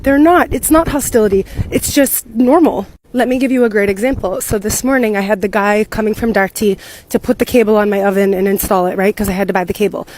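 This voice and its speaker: An American woman in young adulthood, telling a story to camera in a chatty, animated way and swearing freely. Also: mid-range voice, fairly quick. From United States. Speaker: content creator living abroad.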